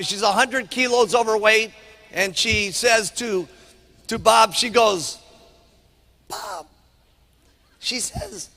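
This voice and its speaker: A man's voice: sits high, sharp tone. A man giving a motivational seminar speech as a business trainer, emphatic and forever asking "okay?". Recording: long hall reverb.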